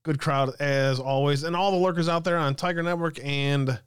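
A man hosting a live stream, chatting with viewers in a loose, joking way and laughing often. His voice is smooth and resonant. The sound is dry and close to the mic. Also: a little high, fairly even intonation, moderate pace, no echo. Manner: chatty, reads chat aloud, laughs often. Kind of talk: casual live-stream chat.

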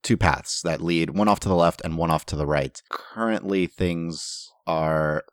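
A man with a very low voice guides players through a tabletop game as its game master. He sets scenes in a measured, descriptive way. The sound is dry and close. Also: no room sound. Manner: descriptive, unhurried scene-setting.

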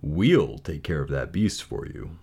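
A man's voice: rumbling low, big pitch swings, a little slow, vocal fry, darkish tone, husky, exaggerated voice. A man as a firm, protective older brother. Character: confident oldest brother, protective. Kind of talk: storybook read-aloud.

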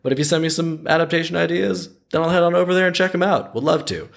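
Here a fast-talking man with a creaky voice on the high side reads folk tales for his podcast. Between passages of the tale, he breaks off with rambling, wry asides that show his skepticism.

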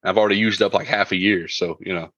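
A man's voice: sits low, steady tone, fast talker, fairly bright tone, dry recording, dull audio. A man hosting a casual podcast over a video call, joking and laughing often as he talks. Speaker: podcast host.

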